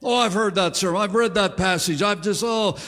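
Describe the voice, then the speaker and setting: An older man preaching an impassioned sermon to a conference crowd, with drawn-out exclamations. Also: sits high, fairly bright tone. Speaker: pastor. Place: large conference hall. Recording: long hall reverb.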